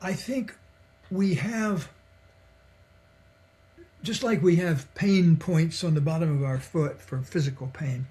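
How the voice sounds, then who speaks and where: An older man talks in an easy, reflective way, a guest on a podcast telling stories from his life and work. His voice sits a little high for a man, and he chuckles often and slips into the voices of the people he quotes. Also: slow pace, pauses often, dark tone. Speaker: podcast guest, psychologist and author. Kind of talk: relaxed conversational storytelling.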